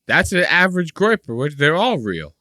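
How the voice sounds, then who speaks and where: A man's voice: on the high side, sing-song, normal speed, sharp tone, dry recording, studio quality. A man hosting a podcast, joking around in casual, profane banter. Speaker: podcast host.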